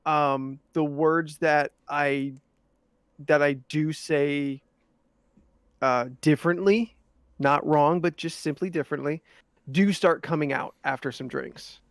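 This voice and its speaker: A man's voice: on the high side, steady tone, slow, clean tone, dry recording, studio quality. A man co-hosting a podcast, rambling in casual chat with lots of ums and restarts. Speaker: podcast co-host.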